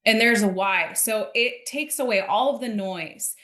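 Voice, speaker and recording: A woman's voice: medium pitch, measured pace, a bit bright, echoey room. A woman who is a political candidate, a guest on an interview, telling a story earnestly and with feeling.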